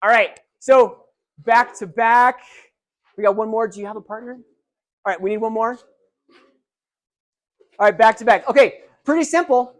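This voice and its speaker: A man giving a live motivational keynote, energetic and interactive, calling out to a big audience in a large hall. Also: high voice, normal speed, long pauses. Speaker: keynote speaker.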